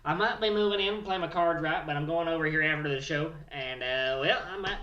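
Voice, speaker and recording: Brash high bright redneck braggart, put on by a comic host, echoey room. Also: male voice, fairly quick, far from the mic, lo-fi sound. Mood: rambling. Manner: boastful, rambling, crude. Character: crude rambling redneck man living in a truck.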